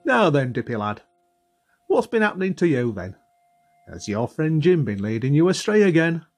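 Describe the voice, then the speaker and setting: A man's voice: a little high, big pitch swings, normal speed, faint music behind, pitched above the performer's own voice. Swaggering lad, teasing and mocking, voiced by a male narrator in a storybook. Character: cocky teasing young boy.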